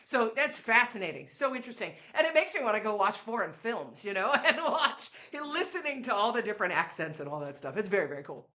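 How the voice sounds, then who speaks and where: A woman hosting a podcast, chatty and quick to laugh. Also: mid-range voice, very animated, bright, forceful tone. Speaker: podcast host. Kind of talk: podcast conversation.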